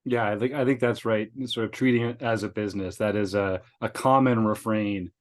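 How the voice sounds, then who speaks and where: A man hosting a podcast interview, asking measured, hedging questions with fillers. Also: fairly low pitch, steady tone. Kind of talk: casual interview.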